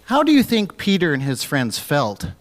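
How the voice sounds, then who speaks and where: A man leading a church children's message, gently asking the kids questions and waiting for their answers. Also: fairly high pitch, huge pitch swings, moderate pace. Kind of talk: children's sermon.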